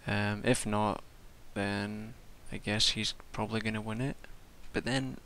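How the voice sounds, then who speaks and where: Worn out after an all-nighter, a man reviews a wrestling show in a casual ramble, cursing and starting sentences over. His voice is lowish and fairly bright, with fairly even intonation and a slightly slow pace, over slight background noise.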